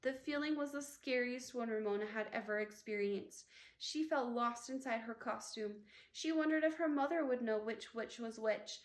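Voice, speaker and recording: Expressive woman reading a storybook aloud. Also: a little high, normal speed. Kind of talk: children's book read-aloud. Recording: echoey room.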